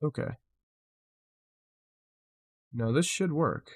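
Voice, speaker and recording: A man's voice: fairly high pitch, very slow. A man streaming live, muttering to himself and apologizing to his chat while he fights with his stream setup, swearing in exasperation.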